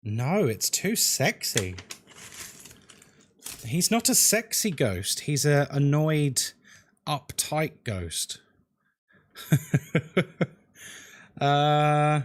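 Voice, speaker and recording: A man's voice: fairly high pitch, extremely slow, long pauses. A man, chatting casually with viewers as a horror game streamer. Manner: chatty, animated, jokey, talks to chat as folks. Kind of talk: casual live-stream chat.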